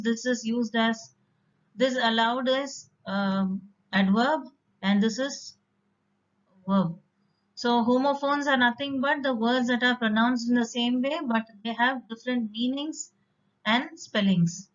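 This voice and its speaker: A woman's voice: fairly high pitch, steady tone, a little slow, a bit bright. A woman teaching an English vocabulary lesson, explaining patiently with occasional fillers. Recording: dull lo-fi recording.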